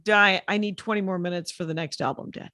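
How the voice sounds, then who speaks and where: An older woman comedian talking fast and wryly in a casual podcast chat. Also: mid-range voice, steady tone, sharp tone. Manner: fast-talking, wry, jokey. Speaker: guest comedian.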